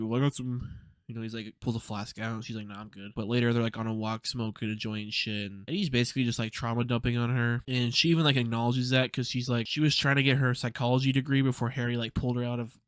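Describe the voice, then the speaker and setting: A man's voice: mid-range voice, clear, resonant tone, no room sound, studio quality. A young man casually recapping a TV episode, rambling with lots of fillers and swearing freely. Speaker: TV episode reviewer.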